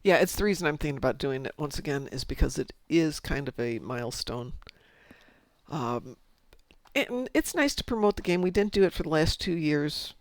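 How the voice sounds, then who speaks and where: A middle-aged woman streams a game, chatting casually, rambling, and talking to herself as she plays. Her deep voice is animated at a normal speed, with no echo.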